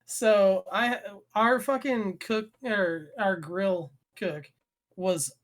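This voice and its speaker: A man's voice: high-pitched, extremely slow, a bit bright. A young man, a former chef, co-hosting a casual podcast and telling heated, profane stories. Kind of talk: casual chat.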